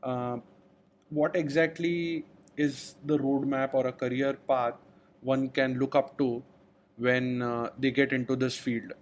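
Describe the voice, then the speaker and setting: A male interviewer poses his questions, pausing often on fillers as he builds them. His voice is of ordinary middle pitch. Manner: hesitant, many fillers while framing questions. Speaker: interview host.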